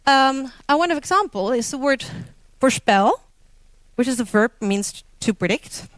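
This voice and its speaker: A woman's voice: high voice, lively intonation, moderate pace, a bit bright, no room sound. A woman with a Dutch accent, a native Dutch speaker, giving an informal talk on linguistics in English, hesitant, with many fillers and self-corrections. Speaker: lecturer.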